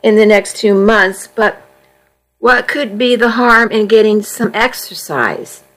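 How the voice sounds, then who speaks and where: A woman's voice: medium pitch, slow, a bit bright, low-quality recording. A woman voicing an insecure but determined teenage girl who speaks earnestly and sometimes impatiently.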